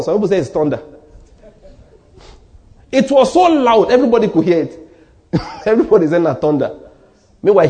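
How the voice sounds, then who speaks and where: Lively mellow-voiced Nigerian preacher man. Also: a little high. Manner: emphatic preaching, repeats key lines, drops to near-whispers. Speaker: pastor. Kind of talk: sermon.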